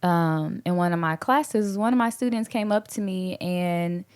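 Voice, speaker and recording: A woman who teaches, co-hosting a faith podcast and telling a relaxed story about her students. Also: on the low side, unhurried, smooth. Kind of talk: casual faith discussion.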